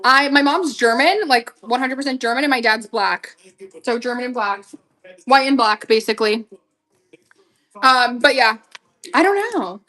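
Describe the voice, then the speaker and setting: A woman's voice: on the high side, expressive, moderate pace, long pauses, sharp tone, rough recording. Gushing young woman selling clothes live. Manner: chatty, gushing, talks straight to viewers. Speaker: live-stream vintage clothing seller. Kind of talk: casual live-selling chat.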